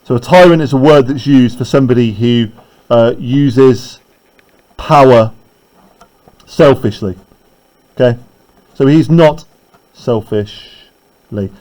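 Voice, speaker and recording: A man's voice: mid-range voice, a little mellow, rough recording. A man teaching a literature lesson, reading lines from a play and explaining them step by step, checking in with "right?" and "okay?". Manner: reads the verse slowly, then paraphrases quickly.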